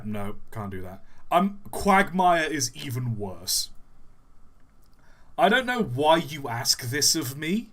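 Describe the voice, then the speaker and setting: Slow-talking joking young male streamer. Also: fairly high pitch, sing-song, fairly bright tone. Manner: rambling, self-deprecating, joking. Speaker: livestream host. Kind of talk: casual live stream chat.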